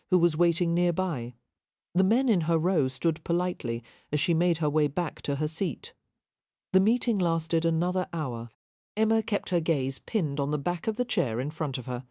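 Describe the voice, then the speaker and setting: Low, mellow woman narrating a romance. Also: dry recording, studio quality. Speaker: audiobook narrator.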